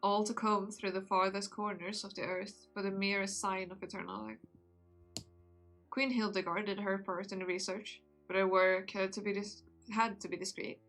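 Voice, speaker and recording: A woman reading aloud the lines of a rueful young nobleman who became a vampire, in a measured, somber way in her own voice. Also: mid-range voice, flat delivery, a bit bright, soft background music, lightly acted. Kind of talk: reading a visual novel aloud.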